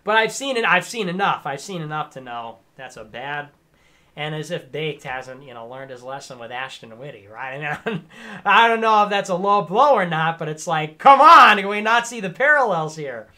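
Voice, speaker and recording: A man in his twenties giving a sarcastic, lecturing rant on a livestream, sometimes bursting into shouts. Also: fairly high pitch, normal speed. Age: 20s. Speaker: streamer. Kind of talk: ranting livestream commentary.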